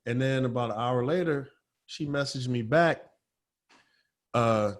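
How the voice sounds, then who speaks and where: Profane, animated male podcast storyteller. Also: medium pitch, a little slow. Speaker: podcast co-host. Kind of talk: casual storytelling chat.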